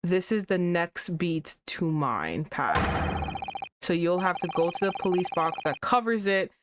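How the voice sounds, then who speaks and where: A woman voicing a remorseful young male police constable, reading game dialogue aloud in a halting, apologetic way. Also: lowish voice, lively intonation, very noisy, voice pushed down. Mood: distraught. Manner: halting, pleading, apologetic confession.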